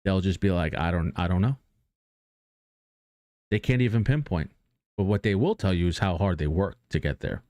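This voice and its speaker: A male streamer talks to his chat in a low voice that sounds dry and close. He rambles earnestly about motivation, full of fillers and restarts, with casual swearing. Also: animated, brisk, darkish tone, no room sound.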